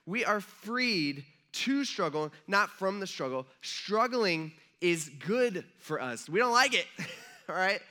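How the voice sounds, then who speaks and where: A man's voice: high voice, expressive, slow pace, pushed and bright. A man, a pastor, giving a conversational, joking sermon in a church and asking the audience questions.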